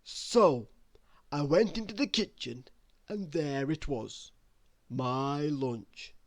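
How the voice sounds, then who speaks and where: A woman reading a bedtime story aloud in an expressive, unhurried way. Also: deep voice, no room sound.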